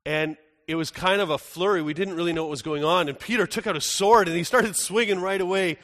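A man playing the apostle John as an older man in a first-person dramatic monologue, earnest, moving between hushed and urgent. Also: high-pitched, fairly quick. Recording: echoey hall with long reverb.

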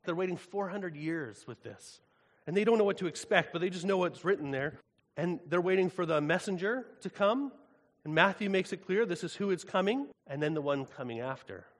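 Pastor guy, chatty animated sermon, kinda high voice, echoey church hall. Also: a little fast. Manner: casual, animated, conversational preaching. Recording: long hall reverb.

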